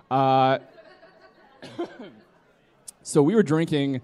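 A mellow, higher-pitched man in his twenties tells a rowdy story slowly, pausing often, with fairly even intonation. Storytelling at a live comedy podcast, he rambles and imitates his friends' voices as the audience laughs.

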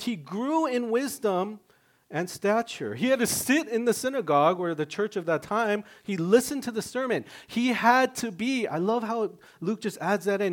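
A man preaching a sermon in a lively, conversational way, with self-mocking humor, sudden loud rises and soft drops. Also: high-pitched. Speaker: pastor.

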